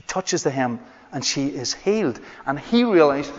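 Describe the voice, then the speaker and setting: A man preaching a sermon in a hall, reading a scripture passage and then explaining it with emphatic, drawn-out stresses. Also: medium pitch. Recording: dull, echoey hall recording.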